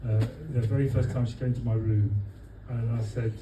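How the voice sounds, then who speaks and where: A man from London giving a humorous birthday speech for his wife to friends at a restaurant, with dry comic timing and many pauses. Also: medium pitch, a loud crowd. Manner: deadpan comic timing, halting with fillers. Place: restaurant dining room with guests. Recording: echoey room, voice from far off. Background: guests laughing.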